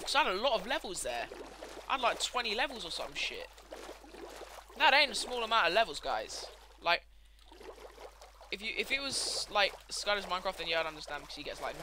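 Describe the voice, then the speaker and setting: A man's voice: high voice, noisy background. A young man with a sweary, ranting manner, commenting casually while he plays a game. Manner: swears a lot, ranting, excitable outbursts. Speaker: gameplay commentator.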